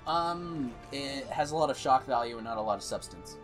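A man's voice: medium pitch, lively intonation, normal speed. A man co-hosting a casual movie podcast, telling rambling stories and laughing often. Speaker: podcast co-host. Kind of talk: casual chat over a movie. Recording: music playing underneath.

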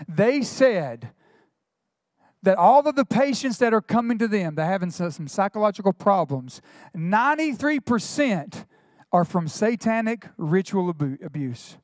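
Man, pastor, impassioned sermon, very high voice, dry close sound. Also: very animated, no echo. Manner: impassioned preaching, quick asides and retold dialogue.

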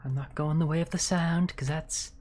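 A woman streamer giving live commentary on a horror game, jumpy and swearing, sliding between hushed whispers and startled yelps. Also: deep voice, steady tone, normal speed. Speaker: virtual streamer.

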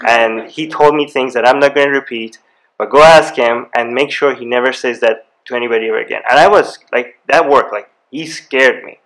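A man, speaking on a live university panel and telling personal stories with rising excitement. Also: mid-range voice, a little fast, rough recording. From Iran. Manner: animated storyteller, grows excited. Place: university event room.

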